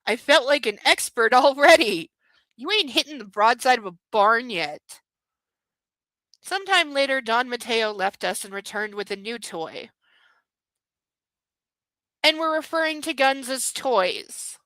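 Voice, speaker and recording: A woman's voice: fairly high pitch, animated, measured pace, long pauses, bright, forceful tone, no echo, low-quality recording. A young woman hosting a book club, reading a novel aloud with sarcastic, mocking asides. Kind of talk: comedic book reading with commentary.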